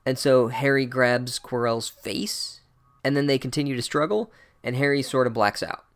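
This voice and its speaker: A man's voice: mid-range voice, steady tone, normal speed. A man giving an irreverent, sarcastic comedic recap of a book, casual and full of asides.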